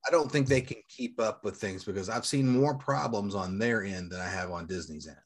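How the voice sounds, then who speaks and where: A man's voice: lowish voice, fairly quick, a crowd in the background. A man in his forties, a toy collector and seller, telling rambling, profane stories in casual chat. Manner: rambling, profane, animated storytelling.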